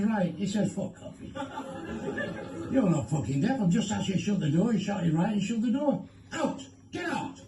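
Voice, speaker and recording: Man telling crude jokes in a dark, echoey room. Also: sits high, a little hiss or hum. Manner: crude, swearing freely, switching voices for characters. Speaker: joke teller. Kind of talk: telling bawdy pub jokes. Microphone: phone video. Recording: echoey room, phone from a distance.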